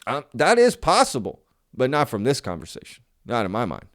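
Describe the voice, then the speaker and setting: Guy doing casual commentary for his channel, smooth clear voice, keeps saying y'all, really skeptical and emphatic. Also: medium pitch, huge pitch swings, a little fast, a bit bright. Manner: emphatic, skeptical, repeats himself, addresses viewers as y'all. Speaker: channel host.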